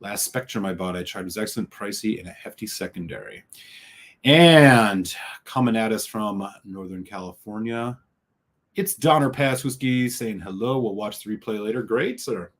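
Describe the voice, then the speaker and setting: A man's voice: fairly low pitch, lively intonation, moderate pace, fairly bright tone. A middle-aged man from the Chicago area hosting a live stream, reading out viewers' chat messages and greeting each of them by name in an upbeat way. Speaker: host.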